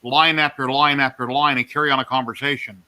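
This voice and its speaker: A man's voice: mid-range voice, fairly even intonation, fairly quick, bright, forceful tone. A man hosting a casual livestream, asking curious, chatty questions and greeting viewers. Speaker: stream host.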